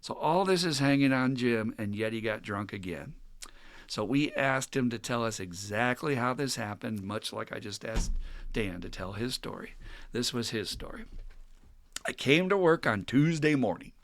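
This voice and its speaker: A man hosting a podcast, telling stories in a casual, animated and profane way. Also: mid-range voice, moderate pace. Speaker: podcast host. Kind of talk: casual chat.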